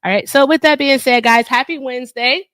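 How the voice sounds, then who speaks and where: A woman's voice: high voice, brisk, fairly bright tone, smooth, no echo, clean studio sound. Playful chatty woman livestream host. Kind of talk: casual livestream chat.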